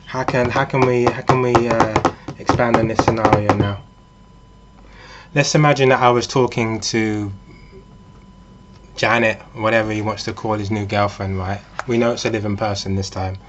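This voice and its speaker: A man's voice: lowish voice, steady tone, normal speed, lo-fi sound, background noise. A man vlogging in a casual monologue, walking through hypothetical scenarios in a conversational way. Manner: conversational, with frequent fillers and restarts.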